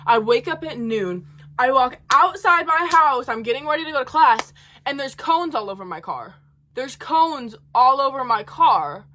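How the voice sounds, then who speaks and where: A woman's voice: high-pitched, expressive, moderate pace, pushed and bright, a little hiss or hum. A young woman in college telling a profane, heated storytime rant in her own rambling way. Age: young adult. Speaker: college student vlogger.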